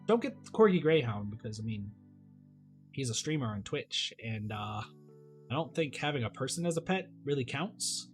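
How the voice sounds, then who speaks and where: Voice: medium pitch, very animated, moderate pace, soft background music. A streamer playing a dating game, reading the dad's lines aloud with playful joking asides. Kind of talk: let's play with read-aloud dialogue and jokes.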